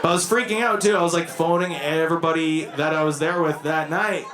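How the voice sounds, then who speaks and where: Rambling young stand-up comic, echoey club. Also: male voice, a little high, steady tone, brisk, very noisy. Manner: rambling, self-deprecating, laughs at his own lines. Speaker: stand-up comedian. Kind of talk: stand-up comedy set. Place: comedy club stage before a laughing crowd. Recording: echoey club with crowd laughter. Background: audience laughing.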